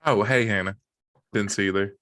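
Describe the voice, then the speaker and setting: Speaking at a moderate pace in a lowish voice, a male podcast co-host jokes around and reads from his notes. His casual, relaxed delivery is full of fillers, with no room sound in the audio.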